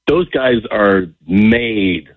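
A man's voice: fairly low pitch, drawn-out words, dry recording. A man guesting on a radio show, chatting casually and telling joking stories in a radio studio. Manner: animated storyteller, joking. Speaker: comedian guest. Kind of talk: casual radio interview chat. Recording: slightly dull radio audio.

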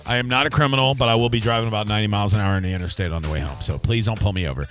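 A man's voice: rapid-fire, fairly bright tone, soft background music. A man hosting a radio show, chatting casually with co-hosts, joking and laughing often. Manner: joking, laughs a lot, swings into high exclamations.

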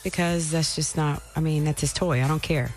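A woman's voice: deep voice, steady tone, moderate pace, darkish tone, faint music behind. A woman co-hosting morning radio, giggly and playful. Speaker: radio co-host.

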